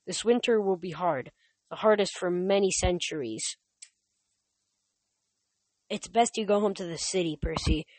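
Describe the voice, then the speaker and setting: A woman's voice: fairly low pitch, darkish tone, no echo. A woman doing a weary old centaur. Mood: grave. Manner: slow, grave and sighing. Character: wise old male centaur teacher, weary.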